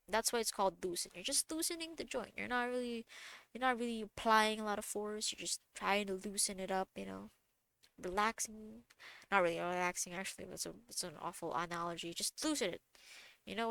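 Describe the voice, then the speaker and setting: A woman's voice: medium pitch, a bit bright, no room sound. Chatty woman giving a dry, close lesson. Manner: chatty, digressive and self-correcting; self-deprecating asides. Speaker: student presenter explaining physiotherapy techniques. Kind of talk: casual recorded lesson.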